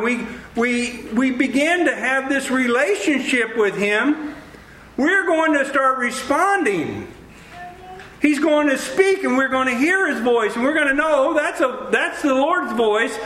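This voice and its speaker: A man preaching a sermon, telling lively stories with acted-out dialogue. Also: extremely high pitch. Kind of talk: sermon with storytelling. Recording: roomy echo.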